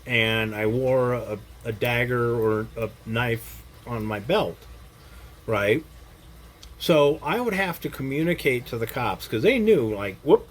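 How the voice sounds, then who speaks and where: A middle-aged or older man giving a blunt, casual self-defense lesson to camera, salty language and frequent check-ins with his listener. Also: medium pitch. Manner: blunt and profane, checks in with "Okay?" after points.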